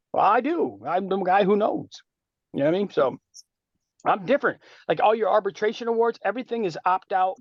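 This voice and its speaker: Male call speaker, high voice, cocky and animated, slangy; muffled dry call audio. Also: no echo. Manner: boastful, animated, streetwise slang. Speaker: speaker answering callers on a group call. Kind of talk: casual lecture and Q&A.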